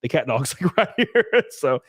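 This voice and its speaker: Playful young man with a lively voice. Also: a little high, moderate pace, slightly rough, no room sound. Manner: joking, playful, teasing. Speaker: streamer and podcast host. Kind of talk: casual chat.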